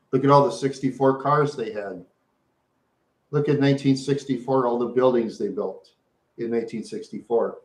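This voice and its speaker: Rambling live-stream host, a man who repeats lines over and over, medium pitch, roomy echo. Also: darkish tone. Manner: repetitive, rambling, talks to chat viewers. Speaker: livestream host.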